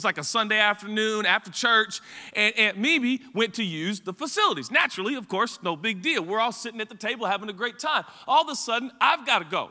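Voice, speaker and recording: Man preaching, high bright voice, animated storytelling, church hall reverb. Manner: animated and chatty, rambling asides to the congregation. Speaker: pastor. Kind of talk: storytelling sermon. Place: church sanctuary.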